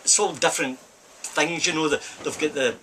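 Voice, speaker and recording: A man's voice: on the high side, fairly even intonation, normal speed, sharp tone, slight background noise. An older man with a Scottish accent, a film stuntman recalling his past in a rambling, casual storytelling manner. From Scotland. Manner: rambling anecdotal storytelling with repeated "I says". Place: film set during a break.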